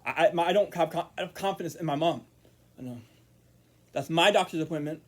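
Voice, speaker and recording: A man vlogging in a casual monologue to camera, rambling with repeated words and restarts, murmuring quiet asides. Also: fairly high pitch, fast talker.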